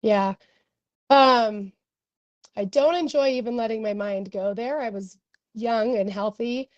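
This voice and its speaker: Young woman doc testifying, kinda high voice, lots of ums, dry close sound. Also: dry recording, dull audio. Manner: earnest, emotional, many pauses and ums. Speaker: doctor testifying as a witness. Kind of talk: testimony at a hearing.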